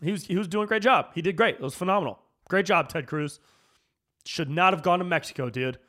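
A man hosting a podcast, ranting casually and profanely, drifting between low mumbled asides and fired-up outbursts. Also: a bit bright. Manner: loose and profane, peppered with "dude", jumps between mumbling and fired-up. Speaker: comedian and podcast host.

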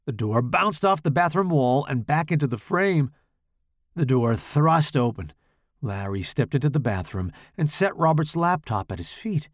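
A man reading a horror story aloud in a dramatic, expressive way. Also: fairly high pitch, normal speed, dry recording, studio quality. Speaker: author and podcast host.

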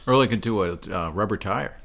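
A man's voice: fairly low pitch, brisk, creaky, fairly bright tone. A man co-hosting a podcast, chatting casually in a rambling, jokey way and trying out metaphors that don't quite land. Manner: rambling, jokey, free with half-working metaphors. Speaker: podcast co-host. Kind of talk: casual chat.

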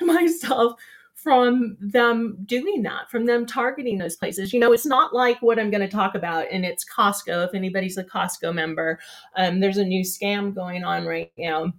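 A woman's voice: mid-range voice, fairly bright tone. A woman hosting a casual live show, chatting in a rambling way with lots of ums and laughing at her own jokes. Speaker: show host.

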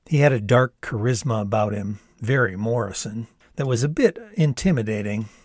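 A man's voice: on the low side, normal speed, a little mellow, no echo. A man in his sixties from the United States, reading his own novel aloud in a wry, conversational storytelling manner. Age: 60s. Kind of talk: storytelling narration.

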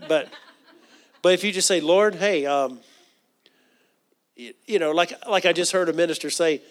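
A man's voice: a little high, unhurried. A middle-aged man preaching a sermon. He often repeats words and asks the congregation questions. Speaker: pastor.

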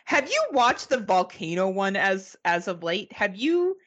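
A woman's voice: mid-range voice, very animated, measured pace, fairly bright tone, lo-fi sound. A woman in her forties from Canada, co-hosting a podcast in casual chat, chatty, swearing freely and laughing often. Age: 40s. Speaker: podcast co-host.

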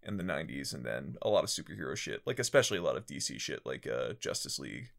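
A man's voice: a bass voice, sing-song, fast, gravelly. A man co-hosting a casual podcast, recapping a show in a rambling way with lots of fillers and restarts. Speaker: podcast co-host.

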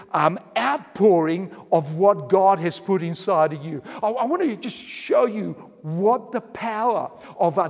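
High-voiced preacher in a reverberant hall. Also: male voice. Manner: storytelling, earnest, with restarts and varied loudness. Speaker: pastor. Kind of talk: sermon.

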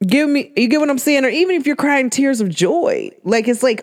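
A woman's voice: fairly high pitch, animated, moderate pace. A woman in her thirties hosting a casual spiritual talk, slangy, rambling and candid. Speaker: podcast host.

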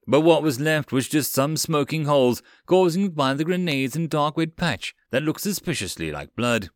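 A man narrating a web novel as an audiobook, with a steady, even reading. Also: on the high side, moderate pace, no echo, clean studio sound.

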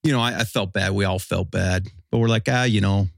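A man's voice: low voice, steady tone, brisk, vocal fry, no echo, studio quality. A man telling a long hunting story in casual chat, rambling and full of fillers.

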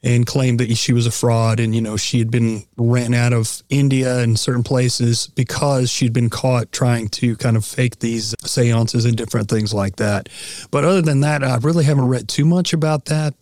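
A man's voice: medium pitch, level tone, moderate pace, darkish tone, no echo, studio quality. Male podcast guest, hedging with fillers. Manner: hedging, filler-heavy explaining. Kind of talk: casual conversation.

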